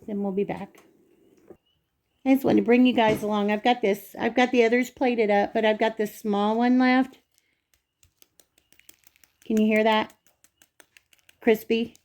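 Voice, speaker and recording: A woman's voice: fairly high pitch, darkish tone. A woman hosting a casual home cooking vlog in her kitchen, chatting straight to viewers as she cuts food open and tastes it.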